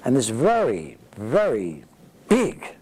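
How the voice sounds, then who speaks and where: His voice mid-range and slightly rough, an eighty-something veteran from the Bronx, New York, recounts his story at a slow pace. In this interview he vividly plays out the dialogue, and the recording quality is rough.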